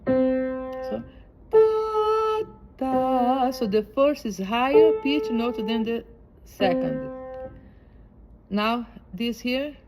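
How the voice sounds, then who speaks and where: A woman teaching a piano ear training lesson, speaking slowly and patiently and repeating each comparison of high and low notes. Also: animated. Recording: loud piano playing behind the voice.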